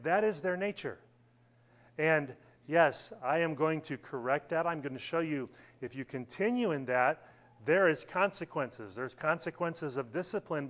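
A middle-aged man leads a church Bible study, his voice sitting a little high. He talks in a loose, conversational way, full of fillers, and keeps putting questions to the class. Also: fairly bright tone.

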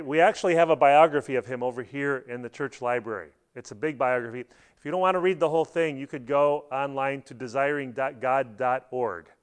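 A middle-aged man preaching a sermon in a church, telling stories and acting out quotes with sudden loud bursts. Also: medium pitch. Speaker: pastor.

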